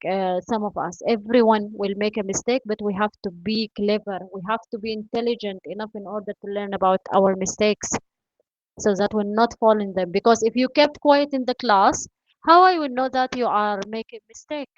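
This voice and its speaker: A woman whose first language is not English, teaching an online English class by video call, encouraging and filling pauses with "you know" and "uh". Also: fairly high pitch, no echo. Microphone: video call mic. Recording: dull lo-fi video call audio.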